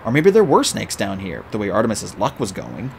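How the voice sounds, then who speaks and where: A man reading a novel aloud as an audiobook narrator, with an animated, expressive delivery. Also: lowish voice, brisk, creaky, a little hiss or hum.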